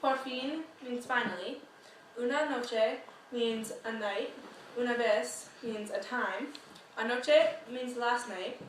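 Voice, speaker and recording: A woman's voice: on the high side, slow, slight background noise. A teenage girl reading a grammar lesson as a student presenter, going through a list of phrases and their meanings. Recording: very echoey room, mic at a distance.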